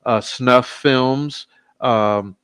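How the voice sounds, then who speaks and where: A man hosting a true-crime stream, talking in a sarcastic, excitable, rambling way with many fillers. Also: medium pitch, extremely slow, smooth, dry recording, studio quality. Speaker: true-crime channel host. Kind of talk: live-stream commentary.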